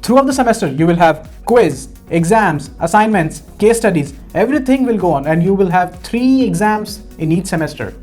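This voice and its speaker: A man's voice: sits high, animated, moderate pace, hardly any pauses, a little mellow, faint music behind. Young Indian man, earnest guest. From Punjab, India. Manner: earnest, repeats words while searching for phrasing. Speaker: graduate student guest. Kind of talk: casual interview.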